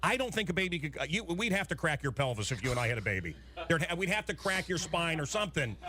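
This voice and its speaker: A middle-aged man hosting talk radio, ranting in an excitable, rambling way with many restarts and blunt jokes. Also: on the high side, quick pace, crowd noise. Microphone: studio microphone.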